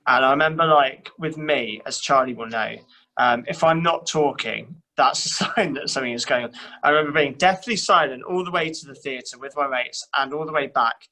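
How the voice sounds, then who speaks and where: A young church youth worker from England talks at normal speed in a mid-range, pushed and bright voice on a low-quality recording. It's casual chat, self-deprecating and loaded with fillers and restarts.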